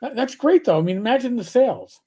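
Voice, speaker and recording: A man's voice: extremely high pitch, fast talker, slightly rough. Older male host, casual stream chat, rambling, profane, jokey. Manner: profane, rambling, animated joker.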